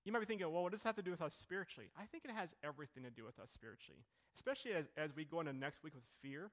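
A middle-aged man preaching a sermon to his congregation, with a conversational, questioning manner that swings between quiet and emphatic. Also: on the high side, expressive, rapid-fire. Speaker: pastor. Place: church hall.

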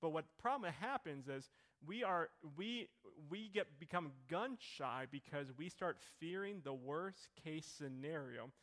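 A middle-aged man preaching a sermon to his congregation, with a conversational, questioning manner that swings between quiet and emphatic. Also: on the high side, animated, unhurried. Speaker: pastor. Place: church hall.

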